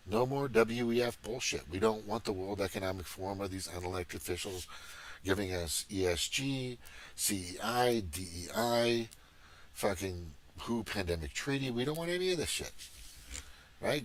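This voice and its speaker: A middle-aged man from Missouri hosting a livestream, talking in a profane, rambling, agitated political rant. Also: fairly low pitch. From Missouri, USA. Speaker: livestream host.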